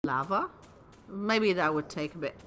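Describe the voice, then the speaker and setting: Lively, bright-voiced woman streamer. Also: lowish voice, unhurried, slight background noise. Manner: chatty, excitable, swears and laughs. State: tired. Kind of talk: casual let's-play commentary.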